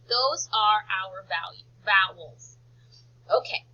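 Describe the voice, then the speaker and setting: A woman teacher leading a slow phonics lesson for young children, stretching out words for them to repeat and praising them often. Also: a little high, big pitch swings, pushed and bright, husky, muffled recording. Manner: slow, drawn-out word modelling and encouraging praise.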